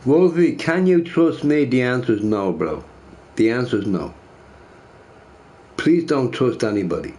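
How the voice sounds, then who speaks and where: A man's voice: mid-range voice, lively intonation, unhurried, long pauses, dark tone, faint music behind. A man ranting casually to his chat, repeating himself emphatically. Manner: emphatic, repeats phrases, says bro a lot.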